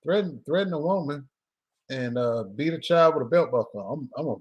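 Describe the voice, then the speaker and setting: A man hosting a casual live stream as a filmmaker, talking in a loose, joking way with laughs and drawn-out pauses. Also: mid-range voice, darkish tone, dull audio.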